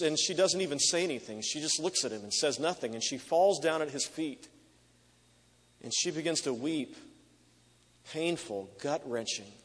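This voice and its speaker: A male preacher delivers an emotive sermon, piling up repeated phrases as he tells the story. His voice sits at an ordinary middle pitch, and long reverb trails off the walls of a large hall.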